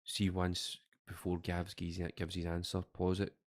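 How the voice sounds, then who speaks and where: A Scottish man with a low, deep voice co-hosts a podcast. He rambles in loose, jokey chat and often trails off mid-sentence. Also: completely flat delivery, unhurried. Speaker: podcast co-host. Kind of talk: casual chat.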